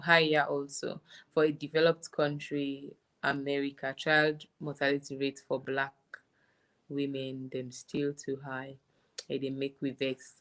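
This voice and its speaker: A woman's voice: low voice, bright, forceful tone. A young woman, candidly musing aloud in casual chat as a podcast co-host.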